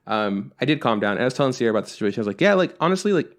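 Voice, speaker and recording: His pitch is fairly low and his delivery rapid-fire. As a podcast co-host chatting casually, he tells a story, acting out both sides of a phone call and swearing frequently with exasperation.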